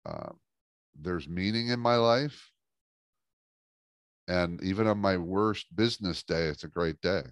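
A middle-aged man, a business coach, telling a lively story in an interview and acting out the dialogue. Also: low voice, measured pace, pauses often, no echo, studio quality. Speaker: business coach and speaker, guest.

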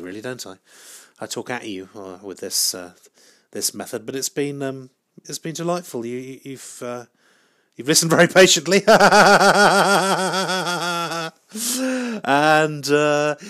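A man hosting a solo podcast, rambling through a comic monologue in a deadpan, self-mocking way with frequent hesitations and restarts. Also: mid-range voice. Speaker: podcast host.

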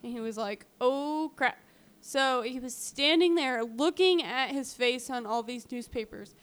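A woman's voice: fairly high pitch, expressive, normal speed, a bit bright. A woman co-hosting a podcast, casually retelling a true-crime story with lots of fillers. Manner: chatty, lots of "um" and "like", acts out quotes. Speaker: podcast co-host.

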